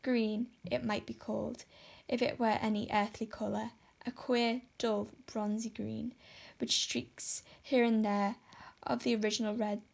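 A woman reading a classic novel aloud as narrator, in a measured way. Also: a little high, flat delivery, creaky. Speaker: audiobook narrator. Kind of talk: storybook narration.

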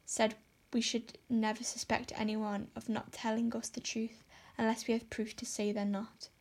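A woman's voice: a little high, little pitch movement, normal speed, darkish tone. A woman voicing a dramatic, despairing young orphan girl who pleads and exaggerates. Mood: pleading. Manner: melodramatic, pleading.

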